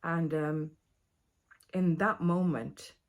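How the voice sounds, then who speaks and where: A woman who is a doctor, talking about low days in a personal vlog, soft-spoken and halting, trailing off into near-whispers. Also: steady tone. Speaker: vlogger and doctor.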